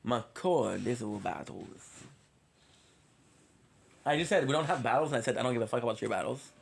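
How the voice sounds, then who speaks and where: A man's voice: mid-range voice, brisk, vocal fry, slight background noise. A man streaming casually, rambling between topics with frequent swearing and stuttered, repeated words, sometimes counting aloud as he plays. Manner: counts aloud while playing. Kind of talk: casual live-stream chat.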